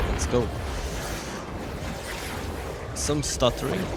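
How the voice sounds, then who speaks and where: Slow, gravelly man testing a game. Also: on the low side. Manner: relaxed, thinking aloud with many fillers. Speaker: gaming channel host. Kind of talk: casual gameplay commentary.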